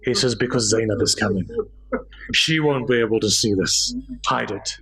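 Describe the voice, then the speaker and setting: A man's voice: fairly low pitch, moderate pace, a bit bright, husky, rough recording. A man preaching a sermon at a mosque, telling stories emotively, his voice rising in the moving passages. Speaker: speaker at a mosque gathering. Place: mosque hall.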